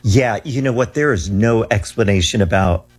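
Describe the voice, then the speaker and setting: Husky-voiced man telling an earnest story. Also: fairly low pitch, moderate pace, soft background music. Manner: animated storyteller, earnest and emphatic. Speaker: guest recounting ministry travels. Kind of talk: storytelling in a faith interview.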